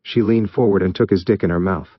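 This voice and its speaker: A man reading fan fiction aloud in steady, even narration. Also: low-pitched, fast, no echo, lo-fi sound. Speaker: story reader.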